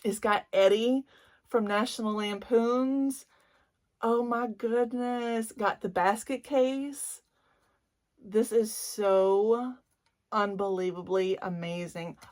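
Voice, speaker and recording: A woman in her forties speaks with a Cajun Louisiana accent in a candid vlog. Her voice sits in a middle pitch and her talk is slow and drawn out. She is chatty and gushes openly, her feelings close to the surface. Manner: chatty, gushing, emotional. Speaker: beauty vlogger.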